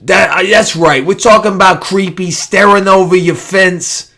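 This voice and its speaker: A man's voice: sits high, fairly even intonation, moderate pace, bright, forceful tone, voice pushed up, heavily acted. A man reading an ad as a brash Philadelphia sports fan in a put-on Philadelphia accent.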